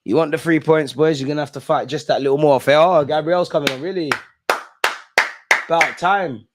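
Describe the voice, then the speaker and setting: A young man with a fairly high, slightly fast voice runs a live football watch-along, exasperated by the match and addressing the players and referee directly.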